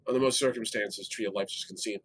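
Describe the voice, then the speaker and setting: A man takes part in a tabletop game session and thinks aloud in a loose, chatty way. His voice sits fairly low and sounds husky and a little breathy. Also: steady tone, fairly quick, fairly bright tone. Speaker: player. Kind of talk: casual tabletop game talk.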